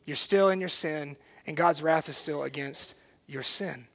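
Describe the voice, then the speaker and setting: A man preaching a sermon as pastor, earnest and emphatic, swinging from hushed, quiet lines to loud, forceful ones. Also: on the high side, unhurried, gravelly.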